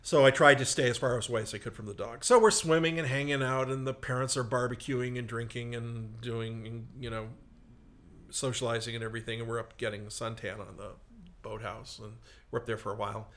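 A man recounts a rambling childhood anecdote, poking fun at himself as he goes. His voice is bright and forward, at a middle pitch. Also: fairly even intonation, a little fast. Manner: rambling anecdote with self-mocking asides. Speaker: storyteller. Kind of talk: casual storytelling on a comedy talk show.

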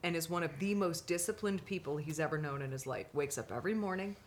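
A woman co-hosting a casual chat, telling animated stories and acting out the people she quotes. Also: fast talker. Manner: lively, acts out quoted voices with big pitch jumps. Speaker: podcast co-host.

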